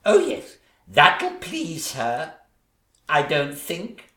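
A catty, boastful ugly stepsister, as a man plays her in a stage pantomime, her voice swooping wildly from shrieks to low mutters. She drawls her jibes slowly and camply. The sound rings around an echoey stage. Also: wildly swooping pitch, bright, forceful tone, heavily acted. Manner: camp, shrieking, teasing sing-song delivery.

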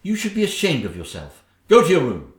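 Man playing a shrill, domineering stepmother queen, lively scolding, echoey room. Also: unhurried. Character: shrill bossy stepmother queen, middle-aged woman. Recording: roomy echo.

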